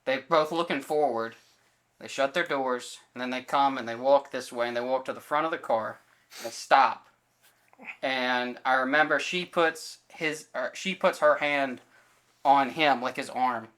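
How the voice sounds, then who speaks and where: Man, podcast co-host, casual storytelling, voices each person he quotes, loose and rambling, mid-pitched voice. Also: a little slow. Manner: animated storyteller acting out quoted dialogue; loose, filler-heavy retelling with self-corrections.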